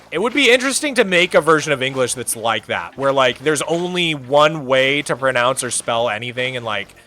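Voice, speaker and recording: A young man chatting casually on a live stream, animated and given to playful rants. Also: mid-range voice. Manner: animated, ranting, quick to exaggerate.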